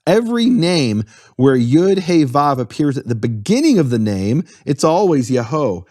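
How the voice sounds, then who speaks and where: A man's voice: a little high, sing-song, moderate pace, dark tone, dry recording. Dry, earnest man explaining. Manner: earnest, explanatory, spells out terms. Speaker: guest explaining Hebrew. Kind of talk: conversational explanation.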